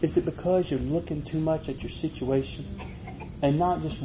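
A man preaching a folksy, animated sermon, chuckling as he tells stories. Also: normal speed. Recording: muffled, low-fi with faint noise.

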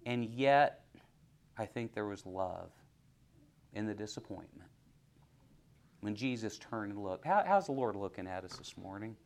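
Man preaching, hushed to fervent. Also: fairly low pitch, expressive, unhurried, long pauses. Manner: swings from hushed near-whispers to loud, rising exhortation; asks the congregation questions. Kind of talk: sermon.

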